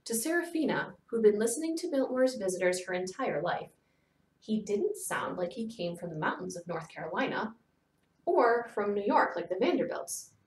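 A woman narrating a children's novel aloud, in steady storytelling that softens to near whispers. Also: mid-range voice, normal speed. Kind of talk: children's book read-aloud. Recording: echoey room, distant mic.

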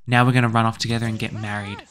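A man's voice: lowish voice, little pitch movement, rapid-fire, a bit bright, voice pushed down, close to an everyday voice. A man voicing a scheming gold-digging woman who gloats as she lays out the plot. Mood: smug.

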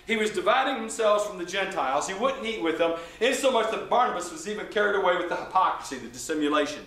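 Emphatic high-voiced preacher in an echoey church. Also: male voice, animated, fast, hardly any pauses. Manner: emphatic, shifts between loud and quiet. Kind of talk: sermon. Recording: echoey church hall from a distance.

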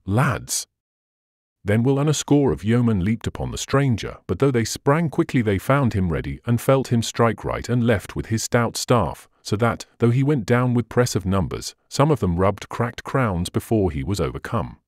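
A man narrating a classic adventure tale as an audiobook reader, expressive and steady. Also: lowish voice, moderate pace, few pauses, dry recording, studio quality. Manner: expressive storytelling. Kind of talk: scripted narration.

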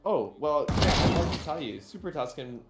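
A man's voice: fairly high pitch, expressive, moderate pace. A man chatting on gaming voice chat, rambling in a mock-refined way with many ums and uhs. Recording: echoey with loud background noise.

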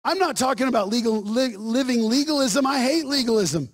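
Brief: male pastor, high tenor, jokey asides turning into forceful preaching. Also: expressive, a little fast. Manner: joking asides, then emphatic preaching. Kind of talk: sermon.

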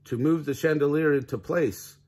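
A man's voice: fairly high pitch, normal speed, a little mellow, breathy edge. An older man voicing a vampire with pointy teeth in a children's storybook. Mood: explaining.

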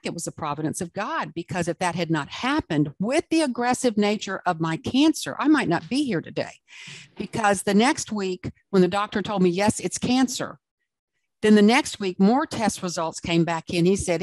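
A woman's voice: medium pitch, dry recording. A woman from South Carolina with a Southern accent, a guest author and speaker telling her story in an interview in an earnest, emphatic way.

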